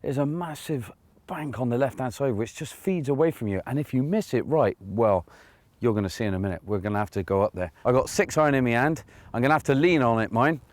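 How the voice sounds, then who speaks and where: A man reporting outdoors on a golf course, explaining a hole in a lively, hands-on way while he plays a shot. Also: mid-range voice, fairly quick. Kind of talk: on-course demonstration and commentary.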